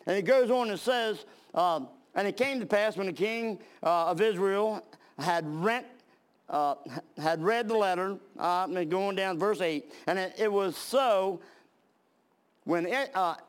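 A man's voice: sits high, unhurried, clean tone. A man preaching a sermon, reading scripture aloud and then explaining it in plain talk with fillers and restarts.

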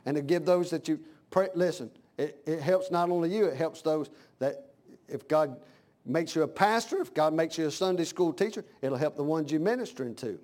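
A man preaching a sermon in a fervent, folksy way that swells from plain talk into loud, impassioned cries. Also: fairly high pitch, normal speed.

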